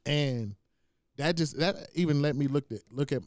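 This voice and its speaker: A man who is a comedian and teacher, chatting as a podcast guest in an expressive, reflective way. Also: a little high, normal speed, no echo, clean studio sound. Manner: expressive, reflective, lots of "like" and restarts. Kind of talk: casual interview chat.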